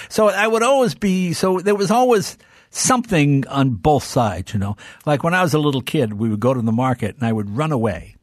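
A man's voice: on the high side, brisk, no room sound, clean studio sound. An older man, a talk-show guest, telling childhood stories in casual conversation and slipping into voices. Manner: animated, fond of doing voices.

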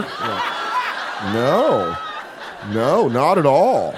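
Animated profane male stand-up comic. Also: mid-range voice, noisy background. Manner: animated, profane, self-mocking with quick put-on voices. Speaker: stand-up comedian. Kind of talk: stand-up comedy set. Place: comedy club stage with live audience.

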